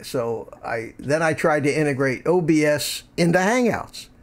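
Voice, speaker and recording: Older male streamer, gravelly, stammering, chatty desk-mic host. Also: fairly high pitch, animated, a little slow, a loud crowd. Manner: rambling, stammers and repeats words. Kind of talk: casual live-stream chat. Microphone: desk microphone through a USB mixer.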